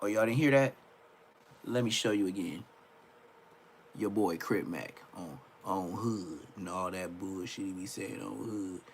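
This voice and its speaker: A man's voice: deep voice, unhurried, a little hiss or hum. A man giving casual reaction commentary on a video, profane and mocking, who laughs often. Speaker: reaction streamer.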